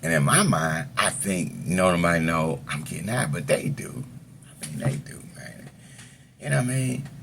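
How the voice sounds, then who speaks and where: A man's voice: low voice, expressive, moderate pace, vocal fry, fairly bright tone, a little hiss or hum. A middle-aged man telling a story about his past in casual, profane street talk, rambling through fillers and chuckling between phrases.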